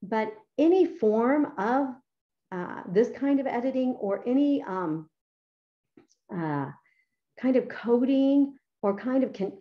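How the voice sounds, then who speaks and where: A woman's voice: on the high side, muffled recording. A middle-aged woman teacher explaining how she edits student papers, chatty and enthusiastic with many fillers. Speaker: writing teacher. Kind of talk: explaining her paper-editing method.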